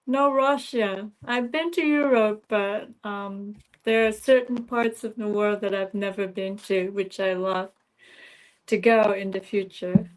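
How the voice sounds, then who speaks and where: A woman guest on a casual livestream, speaking gently and haltingly and laughing easily. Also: mid-range voice, fairly even intonation, rough recording.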